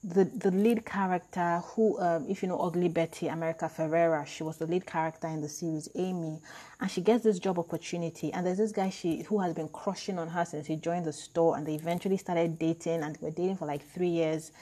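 A woman talking in a casual, reflective monologue, chatty and quick to laugh at herself. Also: on the low side, steady tone, mellow.

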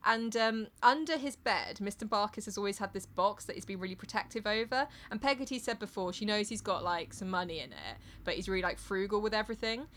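A woman's voice: mid-range voice, expressive, fast talker, few pauses, fairly bright tone, a little hiss or hum. A woman casually retelling a novel's story in a chat, swearing and acting out lines along the way. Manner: chatty, swears, acts out quotes in funny voices. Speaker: podcast co-host recapping a novel.

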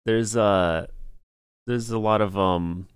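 A man's voice: fairly low pitch, fairly even intonation, slow, clean tone, dry recording, studio quality. A man hosting a casual streamed podcast, talking in a laid-back, rambling way and laughing often. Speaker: podcast host.

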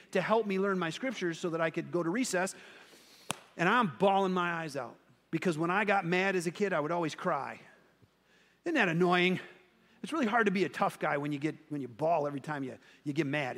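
High-voiced male pastor in a reverberant hall. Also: a bit bright. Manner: conversational and self-deprecating storytelling. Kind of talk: sermon.

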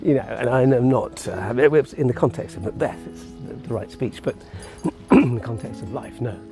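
A man's voice: mid-range voice, moderate pace, over music. A man walking his dog outdoors, thinking aloud in a rambling, musing monologue with restarts and chuckles. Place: outdoors on a street walk.

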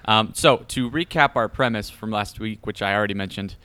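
Smooth-voiced young male podcast host. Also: lowish voice, brisk, pushed and bright. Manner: self-deprecating, hesitant with restarts. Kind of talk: casual chat.

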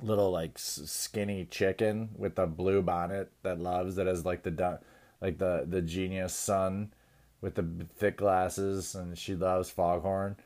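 A man's voice: low-pitched, little pitch movement, unhurried, a little mellow. Crude rambling male podcast host. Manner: crude, rambling, swears constantly; drawling, trails off into mumbles. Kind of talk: profane comedic rant.

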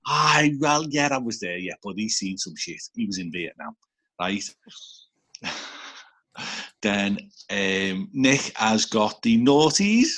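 A man's voice: fairly low pitch, slow, long pauses, bright, forceful tone, husky. Cheeky Scouse man hosting. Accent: Liverpool. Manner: cheeky, swearing, teasing. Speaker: episode host. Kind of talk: casual banter on a podcast. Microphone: video call.

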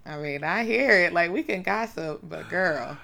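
A woman, co-hosting a podcast in relaxed casual chat and laughing often. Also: on the low side, normal speed, gravelly, slight background noise. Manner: laid-back, laughs often. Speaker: podcast co-host.

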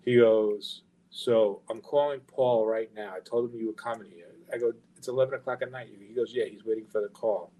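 A man's voice: on the low side, brisk, hardly any pauses, a little hiss or hum, poor audio. A middle-aged man, a podcast guest telling a long story in a casual, profane way and acting out the quoted lines. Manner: profane, animated anecdote-telling with quoted dialogue. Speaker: guest, record label founder.

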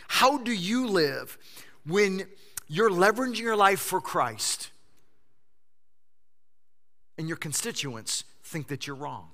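A male pastor preaches with a bright, forceful edge and a voice pitched a little high. His delivery is lively storytelling, and he slips into quoted voices along the way. The sound rings with a long reverb from a church sanctuary. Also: slow pace, long pauses. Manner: animated storytelling preacher who acts out quotes. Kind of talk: sermon.

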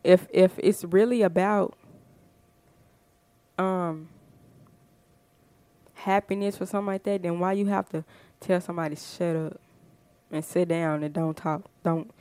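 A fired-up woman holds a casual podcast monologue, emphatic and full of rhetorical questions. Her voice is smooth and resonant. The sound is dry and close. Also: fairly low pitch, steady tone, unhurried, long pauses, mellow, no room sound. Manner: fired-up, emphatic, frequent "you know what I'm saying". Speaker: podcast host.

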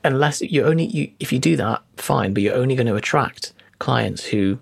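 Casting note: man, husky with some vocal fry, calm measured explainer on a podcast. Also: mid-range voice. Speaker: podcast co-host, fitness business coach. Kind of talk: casual chat.

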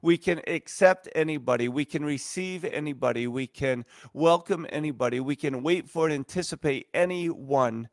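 A man's voice: on the high side, normal speed, gravelly, hardly any pauses, dry recording, studio quality. A man preaching a sermon as a pastor, earnest and emphatic, stacking repeated phrases.

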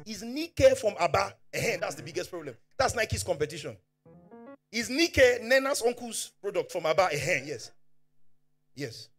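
Nigerian pastor guy preaching, high husky voice, swings quiet to shouting, pidgin bits thrown in. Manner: fervent, swings from hushed to shouting; mixes Pidgin asides into preaching. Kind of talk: preaching a sermon.

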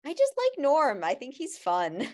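A woman's voice: sits high, wildly swooping pitch, a little slow, darkish tone. A woman co-hosting a casual podcast chat, talking in a rambling way with many restarts and fillers. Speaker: podcast co-host.

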